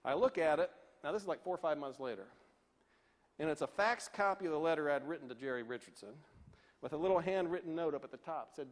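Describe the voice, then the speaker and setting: A man from Northern Virginia giving a keynote speech, telling a story with animated delivery and acting out the voices of the people in it. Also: on the high side, quick pace, big-room sound. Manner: animated, acts out the voices of people in his stories. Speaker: keynote speaker.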